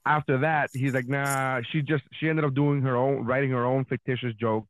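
A man's voice: medium pitch, little pitch movement, a little fast, dry recording, low-quality recording. A man, a comedian, chatting casually on a podcast and telling stories animatedly, acting out his own reactions.

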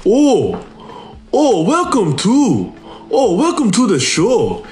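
A man's voice: high-pitched, huge pitch swings, slow pace, a little mellow, soft background music, pitched above the performer's own voice, heavily acted. Man doing a cheesy showman host. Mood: showy. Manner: showy, theatrical, coaxing. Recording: echoey room.

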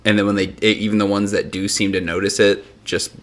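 A man's voice: on the low side, level tone, fast talker. A man co-hosting a podcast in casual chat, who speaks bluntly and swears freely. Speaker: podcast co-host.

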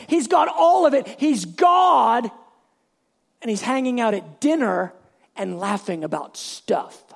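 A man pastor preaching a sermon in an animated storytelling way, bursting into shouts. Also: extremely high pitch, gravelly.

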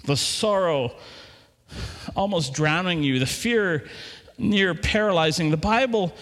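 A middle-aged man preaching a sermon in church, animated and asking the congregation questions. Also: sits high, takes it slowly. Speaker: pastor. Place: church hall. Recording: long hall reverb.

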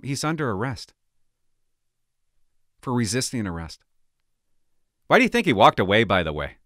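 A man's voice: mid-range voice, big pitch swings, normal speed, pauses often, fairly bright tone, no room sound, studio quality. Indignant sarcastic middle-aged man ranting. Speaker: former police officer reacting to news. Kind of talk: opinionated commentary vlog.

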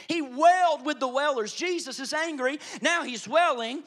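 A man pastor delivering an animated sermon, dropping to hushed asides and rising to loud emphasis. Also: very high-pitched, normal speed, hardly any pauses.

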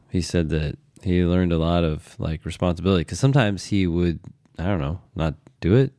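Deep gravelly-voiced dad. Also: male voice, a little mellow, no room sound, studio quality. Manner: easygoing storyteller, rambling. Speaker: podcast co-host, father. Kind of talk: casual chat.

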